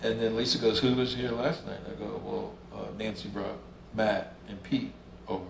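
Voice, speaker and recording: A man's voice: lowish voice, level tone, normal speed, creaky, background noise. A man telling stories in a casual interview, laid back, swearing freely and acting out what people said. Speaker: interview guest, musician. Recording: roomy room sound, faint ambience.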